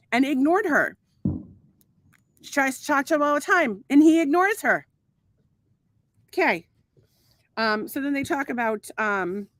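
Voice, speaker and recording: A woman's voice: a little high, no room sound. A woman co-hosting a casual podcast, talking with lots of swearing and filler ums in an exasperated way. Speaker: podcast co-host. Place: outdoors at a home pool.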